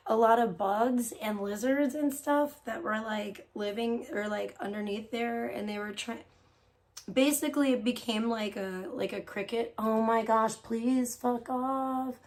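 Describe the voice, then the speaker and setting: A woman's voice: on the high side, fairly even intonation, measured pace. A woman chatting casually on a live stream, rambling and distracted while she tidies up and swears offhandedly. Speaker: livestreamer.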